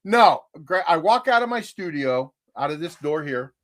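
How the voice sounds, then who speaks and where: A man's voice: on the high side, big pitch swings, moderate pace. An older man co-hosting a podcast, telling stories in a rambling, folksy way with frequent chuckles. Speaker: podcast co-host. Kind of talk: casual chat.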